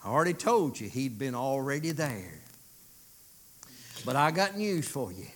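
Slow-paced preacher with dramatic swells. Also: male voice, mid-range voice, sing-song. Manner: swings from loud pleading to hushed, drawn-out phrases. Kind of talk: sermon.

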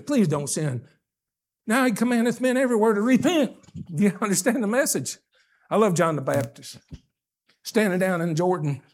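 An older pastor preaches a folksy, emphatic sermon, swinging between loud, stressed phrases and hushed asides. His voice sits a little high.

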